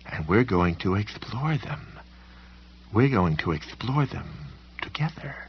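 A man doing a softly lisping sinister stalker. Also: lowish voice, very animated, breathy edge, lo-fi sound, full character voice. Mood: sinister coaxing. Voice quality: light lisp. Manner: quiet, coaxing, slow menace. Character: tall sinister man, soft lisping menace.

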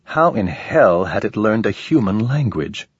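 Guy narrating a novel, low-ish husky voice, reads slow and steady. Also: dry recording. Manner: measured, unhurried reading. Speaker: audiobook narrator. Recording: slightly dull, dry audio.

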